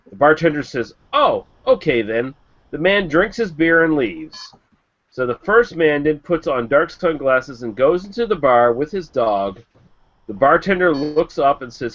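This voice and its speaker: A man's voice: fairly high pitch, unhurried. A man in casual, crude banter on an online call, telling a long joke and trading profane jabs with friends. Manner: animated, profane, playfully combative. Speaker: beer review show regular. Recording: lo-fi call audio.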